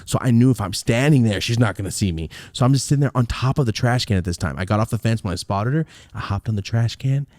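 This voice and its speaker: A young man hosting a podcast, telling a story in a casual, profane, animated way and acting out the scenes, on a close mic. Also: lowish voice, fast talker, no room sound. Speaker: podcast host.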